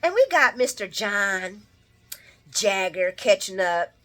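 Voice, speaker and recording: A woman talks through the latest soap episode in a loose, casual vlog manner. Her voice is bright and clear, and her pitch sits in a middle range. She acts out the characters' lines with lots of energy and laughs easily as she goes. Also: big pitch swings, slow pace. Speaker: soap opera recap vlogger. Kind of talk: casual recap chat.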